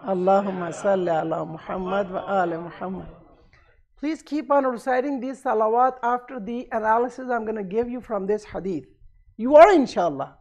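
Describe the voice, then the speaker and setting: High-voiced man preaching a story sermon. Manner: retells a story, acting out dialogue with rising emphasis. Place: community centre hall.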